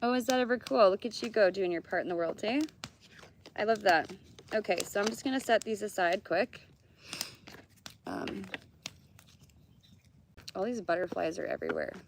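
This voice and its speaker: Woman, middle-aged, from Canada, gravelly voice, chatty card reader, outdoors, faint background noise. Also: medium pitch, moderate pace, long pauses. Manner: chatty, swears freely, laughs often. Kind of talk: casual live-stream card reading. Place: outdoors by a fire.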